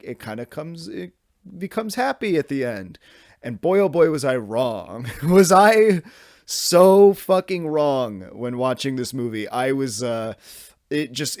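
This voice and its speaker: Young male podcast host, rambling animated solo chat, dry close-miked sound. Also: mid-range voice, no room sound. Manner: rambling, animated, self-interrupting, swears casually. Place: home room at his desk.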